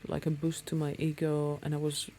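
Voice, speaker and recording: Out on her motorbike, this woman vlogger talks to her viewers in a chatty, rambling way full of ums. She sits low in pitch with a warm tone, but her delivery is brisk and completely flat, and there's slight background noise.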